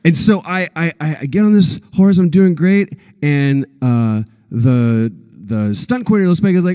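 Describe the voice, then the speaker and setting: A man's voice: moderate pace, dry recording, clean studio sound, big-room sound. A man in his thirties from Texas, telling a story on stage at a convention panel, acting out the quotes. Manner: animated storyteller, acts out quotes with big pitch jumps. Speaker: panel guest.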